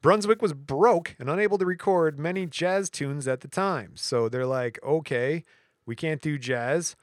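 A man's voice: on the high side, normal speed, no room sound, clean studio sound. A man co-hosting a podcast, casually walking through history notes with jokes and stumbles over words. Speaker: podcast co-host.

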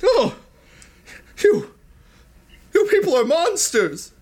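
A frantic, fussy keeper of birds, put on by a man, crying out in a strained voice pushed far above his normal range. He wails with a shaky, jumping pitch, loud and overwrought, in the manner of a tabletop game figure. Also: huge pitch swings, takes it slowly, exaggerated voice. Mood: panicked. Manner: shrill, fretful cries. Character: panicky fussy male bird keeper, excitable.

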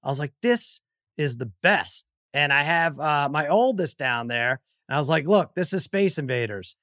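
A middle-aged man on a podcast, telling a funny story in an animated way and acting out the people in it. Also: on the high side, normal speed, no room sound, clean studio sound. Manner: animated storyteller, raises his voice acting out scenes. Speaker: podcast guest. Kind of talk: casual chat.

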